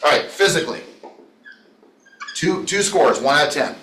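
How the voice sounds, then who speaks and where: A man's voice: fairly high pitch, lively intonation, moderate pace, pushed and bright. A man leading a business training session, talking in an enthusiastic, rambling way and addressing listeners by name. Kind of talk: motivational training talk. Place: training room. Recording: echoey room.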